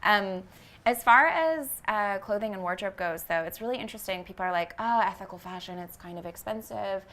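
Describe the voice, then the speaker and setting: A woman who founded a vegan fashion brand, talking as an interview guest in an earnest, reflective way and often pausing on fillers as she searches for words. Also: medium pitch, fairly bright tone. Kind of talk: casual reflective interview talk.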